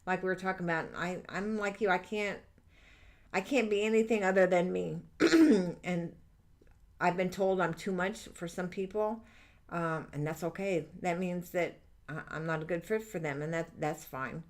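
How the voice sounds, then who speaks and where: A woman's voice: fairly low pitch, moderate pace. A middle-aged woman hosting a live angel-reading stream, chatting candidly and rambling with lots of fillers. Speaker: livestream angel reader. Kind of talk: chatty livestream talk reading out viewer comments.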